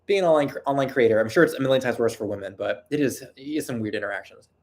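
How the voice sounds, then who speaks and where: A man's voice: mid-range voice, racing, darkish tone. A man with a nasal voice hosting a casual livestream, answering viewer questions in a rambling, self-deprecating way. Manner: self-deprecating, rambling, with frequent restarts and laughter. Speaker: video creator and livestream host.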